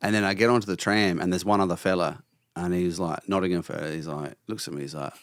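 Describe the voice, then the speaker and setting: A man's voice: sits low, fairly even intonation, fast talker. A man in his thirties with an Australian accent, a stand-up comedian telling stories in casual podcast chat. He swears freely and laughs through his own lines.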